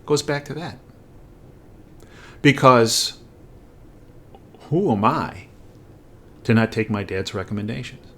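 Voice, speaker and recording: A middle-aged man hosting a talk show, telling a personal story and acting out the dialogue in an animated way. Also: medium pitch, takes it slowly, long pauses, a little hiss or hum. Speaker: host.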